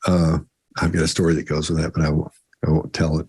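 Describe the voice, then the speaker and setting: A man co-hosting a live Q&A, talking slowly and deliberately with long pauses in the middle of sentences. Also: very deep voice, monotone, a little mellow, husky. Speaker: co-host. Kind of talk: live Q&A talk.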